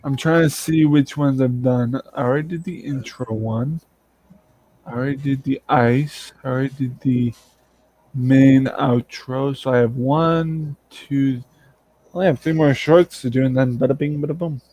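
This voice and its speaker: A man's voice: medium pitch, steady tone, unhurried, dark tone, poor audio. A man co-hosting a casual livestream chat in a chatty, joking way. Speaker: livestream co-host.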